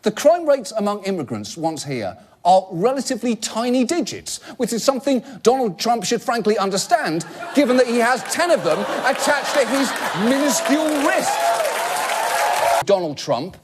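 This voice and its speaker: A man delivering a satirical late-night monologue, animated and mock-outraged, breaking into shouts. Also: extremely high pitch, moderate pace, some chatter behind. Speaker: host. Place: TV studio stage with audience. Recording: live studio audience laughing, some noise.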